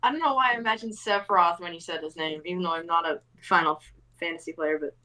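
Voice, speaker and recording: A woman's voice: lowish voice, quick pace, pushed and bright, poor audio. Hesitant woman tabletop player. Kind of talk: casual chat during a tabletop game.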